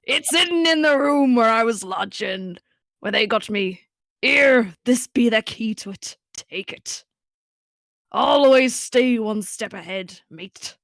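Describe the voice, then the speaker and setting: A woman putting on the voice of a dying male convict in a gruff, pirate-like growl, drawn out and slow. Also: a little high, lively intonation, a bit bright, no room sound, studio quality, full character voice. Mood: gasping pirate. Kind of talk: playful game voice-over.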